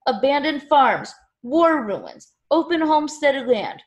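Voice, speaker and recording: A woman voicing a loud, eager Northern male political organizer who rallies a crowd with speeches. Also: extremely high pitch, big pitch swings, slow pace, echoey room, muffled recording, pitched above the performer's own voice, heavily acted. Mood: rallying. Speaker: party organizer.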